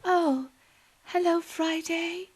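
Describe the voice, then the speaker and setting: A woman voicing a weary, feeble old woman who makes sweets, speaking softly and weakly. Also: sits high, animated, measured pace, pitched above the performer's own voice. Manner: soft, breathy, feeble.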